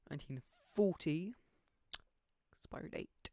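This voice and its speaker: A gamer giving casual gameplay commentary, muttering to themself and talking back to the characters on screen, playful and quick to laugh. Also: mid-range voice, no room sound, studio quality. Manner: mutters to self, talks to game characters; playful, laughs and hums along. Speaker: let's play gamer.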